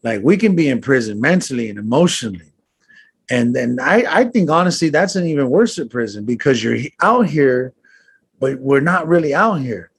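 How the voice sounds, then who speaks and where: Husky-voiced man telling earnest stories. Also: medium pitch, very animated, moderate pace. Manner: earnest storytelling with street slang and swearing. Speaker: guest. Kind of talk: casual conversation.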